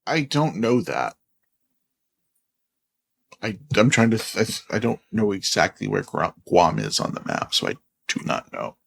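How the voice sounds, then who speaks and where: A man with a low, gravelly, husky voice that swings widely in pitch. He is animated and often trips over his words in casual podcast banter. The sound is dry and close. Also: unhurried, long pauses, no echo. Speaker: podcast co-host. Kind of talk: casual chat about wrestling.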